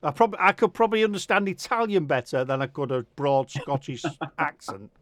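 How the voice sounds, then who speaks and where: A middle-aged man with a Manchester accent hosts a casual interview, teasing and laughing a lot. His voice sits a touch high and the sound is close and dry. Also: a little fast, a bit bright, dry recording. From Northwest England. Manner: jokey, cheeky, laughs a lot, big pitch jumps. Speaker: radio show host.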